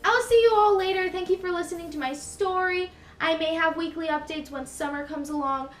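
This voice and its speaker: Speaking briskly in an extremely high pitch with fairly even intonation, a young adult woman vlogs a loose, rambling story, often using fillers and correcting herself. Faint music sits behind the echo of the room.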